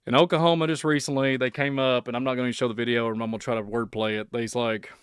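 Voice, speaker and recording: A man talks his way through a solo podcast rant, rambling and excitable, chuckling as he goes and sometimes trailing off into quiet muttering. His voice sounds smooth and resonant. The recording is close and dry. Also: medium pitch, quick pace, no room sound. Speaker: podcast host.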